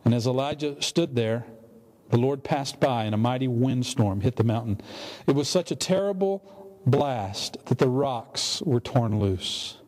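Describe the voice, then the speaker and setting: A man's voice: medium pitch, animated, a little slow, darkish tone. A man pastor preaching a sermon, telling a story earnestly with rhetorical questions. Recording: long hall reverb, faint ambience.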